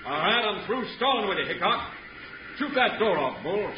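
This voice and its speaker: A scheming masked outlaw boss in a 1950s radio western, taunting his foes and barking orders. The voice sits high, with a roomy echo and a dull old broadcast sound. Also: big pitch swings, normal speed, background noise. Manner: taunting, commanding. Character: scheming masked villain boss, adult man. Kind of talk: 1950s radio drama acting.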